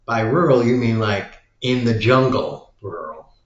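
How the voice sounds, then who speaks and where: Slow, rambling man in an echoey room. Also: medium pitch, animated. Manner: rambling, heavy use of "like" filler. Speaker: vlogger. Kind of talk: casual rambling monologue. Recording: echoey room, dull lo-fi sound.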